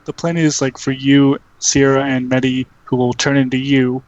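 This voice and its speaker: A man's voice: mid-range voice, level tone, normal speed, darkish tone, no room sound, lo-fi sound. A man running a tabletop game as game master, narrating casually with lots of fillers over an online call. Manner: rambling, filler-heavy narration. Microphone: online call microphone.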